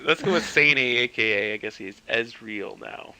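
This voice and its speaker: A man's voice: medium pitch, normal speed, bright, forceful tone, slight background noise, low-quality recording. A man from Canada hosting a casual gaming league podcast, laughing and joking loosely. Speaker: podcast host.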